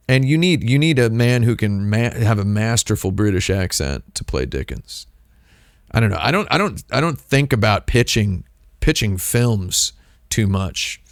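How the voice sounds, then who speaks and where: A man with a fairly low voice talks through a casual livestream in a loose, rambling way. He often cuts himself off and restarts, tossing in wry asides. The sound is dry and close, with no room around it. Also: expressive, moderate pace, dry recording. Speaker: streamer host.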